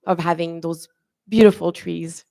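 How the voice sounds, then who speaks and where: A woman moderating a conference panel, chatty and warm to her guests, with many fillers and restarts. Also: on the low side, steady tone, unhurried, creaky, dry recording. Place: conference room.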